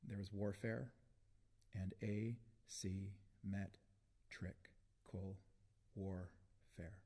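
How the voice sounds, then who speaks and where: A man reading his own poems aloud at a live book launch, with deliberate phrasing and long pauses between lines. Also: sits low, fairly even intonation, warm tone, slightly rough. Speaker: poet reading his work.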